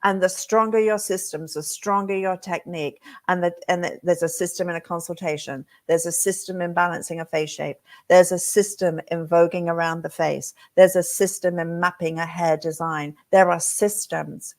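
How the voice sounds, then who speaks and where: A woman from England, a hair design educator giving a motivational talk as an animated storyteller who acts out her own thoughts. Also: on the low side, normal speed, few pauses.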